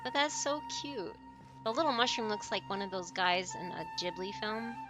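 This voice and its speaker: A woman's voice: mid-range voice, animated, normal speed, music in the background. A young adult woman streaming a video game, chatting casually, gushing and laughing a lot. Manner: giggly, gushing, laughs often. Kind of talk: casual let's-play chatter.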